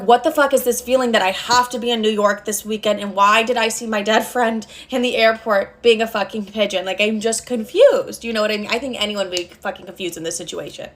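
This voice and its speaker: A woman's voice: fairly high pitch, a bit bright. A young woman casually telling a personal travel story, chatty and full of swearing and "like.". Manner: chatty, swears constantly, fillers of "like".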